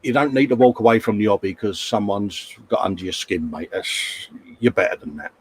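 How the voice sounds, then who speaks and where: A man's voice: on the low side, expressive, fairly quick, breathy edge. Guy hosting a live stream, matey, reads chat out, bit of a telling off. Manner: matey, chatty, gently scolding. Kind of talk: casual chat reading viewer comments.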